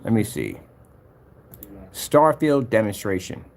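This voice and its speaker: A man's voice: lowish voice, very animated, takes it slowly, gravelly, darkish tone. A man, rambling and boastful as he scrolls through his own demos, humming filler sounds and challenging rivals. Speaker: projector screen paint maker. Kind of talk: rambling screen-recording vlog.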